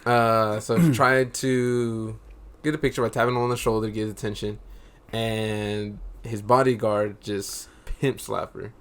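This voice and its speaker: A man on a podcast, casually retelling a news story in a relaxed way and chuckling as he goes. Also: fairly low pitch, unhurried. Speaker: podcast regular. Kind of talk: casual chat.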